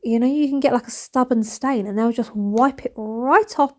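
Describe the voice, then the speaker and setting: A woman's voice: fairly high pitch, normal speed, a little mellow. A woman in her thirties, chatting frankly and rambling as she narrates her home cleaning. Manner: rambling, frank, self-mocking. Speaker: cleaning vlogger. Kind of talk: casual chatty voice-over while cleaning.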